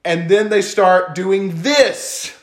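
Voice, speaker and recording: A man with a slightly high voice tells a story in loose, animated podcast chat, laughing here and there. The sound is roomy and echoey. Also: takes it slowly. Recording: roomy echo.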